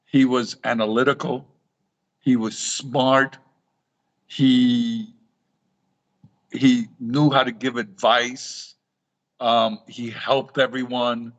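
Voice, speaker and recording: Middle-aged man telling lively stories. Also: medium pitch, takes it slowly, long pauses. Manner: animated storytelling, acting out quoted dialogue with repeated restarts. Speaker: guest, reef aquarium author. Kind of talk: storytelling in a live talk show interview.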